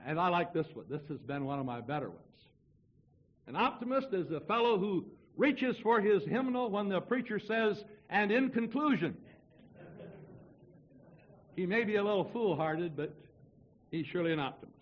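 A male evangelist with a fairly high, husky voice delivers a folksy sermon, spinning wry anecdotes and one-liners for his congregation. The recording is a little dull and muffled. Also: animated, a little fast. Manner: storytelling, wry and joking. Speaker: preacher evangelist. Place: church before a congregation.

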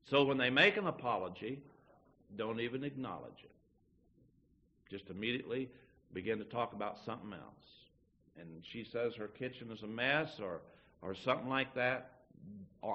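A man's voice: medium pitch, animated, moderate pace. Folksy preacher guy doing the voices, dull old tape sound. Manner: folksy, acts out little dialogues. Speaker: pastor. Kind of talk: sermon.

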